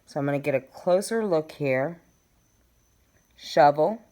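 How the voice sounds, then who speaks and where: A woman's voice: deep voice, lively intonation, measured pace, warm tone. A woman talking casually to her viewers as a true crime vlogger, reading from case documents and making her points emphatically. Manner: chatty, addresses viewers directly, reads documents aloud. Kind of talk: casual talk to camera.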